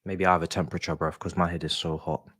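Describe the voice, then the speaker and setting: Low-voiced exasperated young man. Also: level tone, fast, fairly bright tone, slightly rough, no room sound. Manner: exasperated, sighing, swearing, grumbling. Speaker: football watch-along streamer. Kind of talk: live match reaction.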